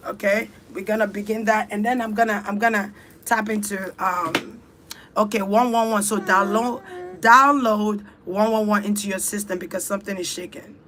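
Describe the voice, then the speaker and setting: A woman's voice: medium pitch, fairly bright tone, a little hiss or hum. A woman leading a spiritual ritual talk, urging listeners on in fervent, repetitive, chant-like phrases. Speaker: spiritual speaker.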